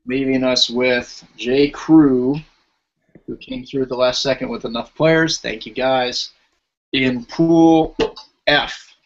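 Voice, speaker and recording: A man's voice: mid-range voice, steady tone, slow, dull audio. Man announcing kickball pools on a podcast. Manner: rattles off team lists, chatty. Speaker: podcast host. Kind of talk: casual podcast chat.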